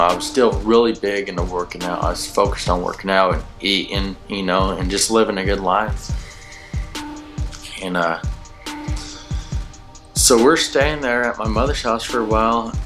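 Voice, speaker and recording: A man hosting his own channel, telling his personal testimony in a rambling, laid-back way, full of "you know" fillers. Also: low-pitched. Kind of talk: casual personal testimony storytelling. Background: background music.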